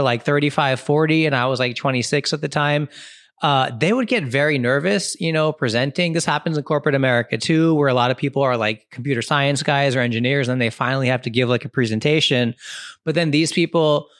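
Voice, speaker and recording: A man in his thirties talks through a casual advice monologue in a loose, chatty way, tagging his points with "right?" and "you know". His voice sits at an ordinary middle pitch. The recording is dry and close, with no room sound. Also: fairly bright tone, no echo. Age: 30s. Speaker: comedian and podcast host.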